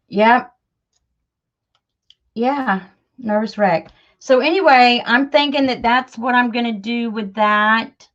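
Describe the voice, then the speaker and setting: Woman crafting host, unhurried, rambly, muffled lo-fi sound. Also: a little high, a bit bright. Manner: chatty, self-deprecating, many fillers. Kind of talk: casual livestream chat while crafting.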